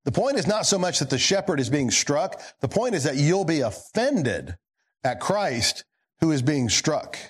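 Animated male preacher, lively pitch. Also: unhurried, breathy edge. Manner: animated, swings between emphatic highs and low quiet asides; asks the congregation questions. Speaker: pastor. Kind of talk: sermon.

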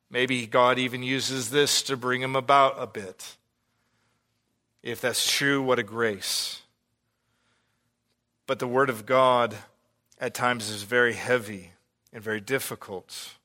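A man preaching an expository sermon as pastor, earnest and animated, sometimes acting out the lines he quotes. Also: medium pitch.

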